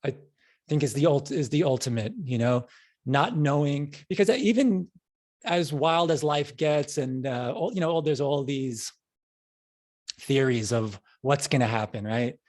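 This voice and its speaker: A man's voice: medium pitch, measured pace, a little mellow. Middle-aged man with a New York accent, a loose, chatty interview guest who keeps circling back. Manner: rambling storyteller, frequent restarts. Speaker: podcast guest. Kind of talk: casual interview.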